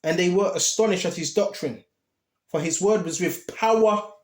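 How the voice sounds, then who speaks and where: A man with a high voice gives an informal Bible teaching, speaking conversationally and reading scripture aloud. He keeps checking in with the listener between verses. The recording has a roomy echo. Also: normal speed. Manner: conversational, reads scripture aloud, often asks "right?" and "okay?". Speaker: preacher.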